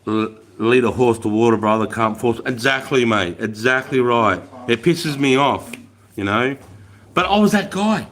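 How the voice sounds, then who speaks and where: A middle-aged Australian man, an army veteran, chatting on a livestream and telling stories in an animated, profane way. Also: mid-range voice, slow pace, long pauses. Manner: profane, animated storytelling, swears constantly. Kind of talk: casual livestream chat.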